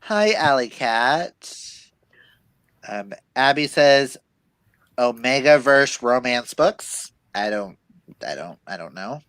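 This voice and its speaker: A man co-hosting a reading livestream, chatting casually and telling animated stories while laughing often. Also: mid-range voice, slow, long pauses, clear, resonant tone, no room sound. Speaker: livestream co-host.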